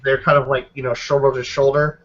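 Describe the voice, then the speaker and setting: A man's voice: medium pitch, level tone, a little fast, fairly bright tone, muffled recording, a little hiss or hum. A man narrating a tabletop game as game master, describing scenes loosely with many hedges.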